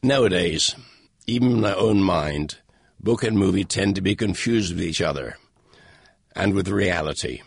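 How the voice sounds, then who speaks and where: An older man reading his own foreword to an audiobook in a dry, wry, unhurried manner. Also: low-pitched, gravelly, breathy edge, dry recording. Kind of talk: read-aloud personal foreword.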